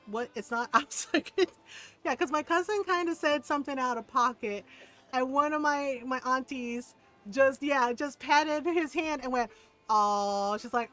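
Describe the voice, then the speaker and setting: Chatting while gaming, a high-voiced woman streamer spins lively stories, swears freely, laughs a lot and imitates her relatives' voices. The recording is low quality.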